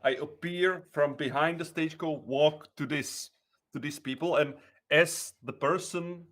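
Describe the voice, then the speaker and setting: Relaxed man playing a tabletop game. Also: fairly high pitch, unhurried. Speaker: player. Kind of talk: casual tabletop play.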